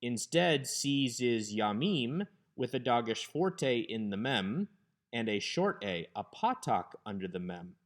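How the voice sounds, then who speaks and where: A man teaching a recorded Hebrew grammar lesson over slides, patiently explaining and slowing down to sound out terms. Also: mid-range voice, big pitch swings.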